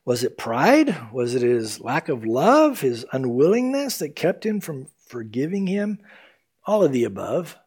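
A man preaching a sermon as pastor, earnest, swinging between loud emphasis and hushed, soft passages. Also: mid-range voice, very animated, measured pace, breathy edge.

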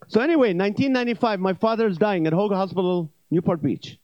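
Joking male preacher, slightly high voice. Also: quick pace, few pauses, a little mellow, dry recording, muffled recording. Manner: joking storyteller, then earnest teaching with restarts. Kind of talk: comedic sermon.

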